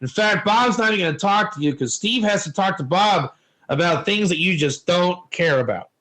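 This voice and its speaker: High-voiced man teaching a lively lesson. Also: moderate pace, poor audio. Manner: animated storytelling with rhetorical questions. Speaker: Torah teacher. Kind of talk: informal lesson.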